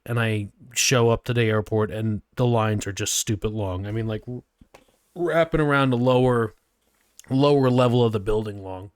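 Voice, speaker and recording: A man's voice: medium pitch, smooth, no echo, clean studio sound. A man hosting a podcast, telling a personal story in a candid, self-mocking way with casual swearing. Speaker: podcast host.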